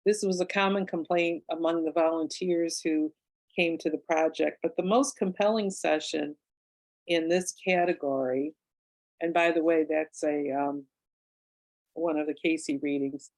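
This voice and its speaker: A woman's voice: low voice, fairly even intonation, unhurried, a little mellow, rough recording. A woman, an author and past-life regressionist, telling a client's case story in a conversational way with asides and fillers. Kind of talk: book club talk, telling a case story.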